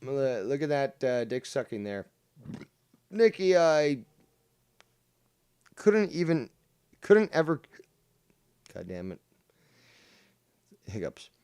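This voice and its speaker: A man's voice: mid-range voice, sing-song, slow, long pauses, a little mellow, clear, resonant tone, no echo, clean studio sound. A man hosting a livestream, talking combatively and reading chat messages aloud, swearing freely. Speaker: streamer host.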